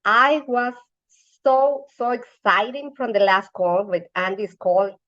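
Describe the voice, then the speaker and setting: Woman, eager testimony, very slow pace, dull lo-fi sound. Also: mid-range voice, steady tone, a bit bright. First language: Spanish. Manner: eager, halting, many fillers. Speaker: sales agent on a team call. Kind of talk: enthusiastic testimony.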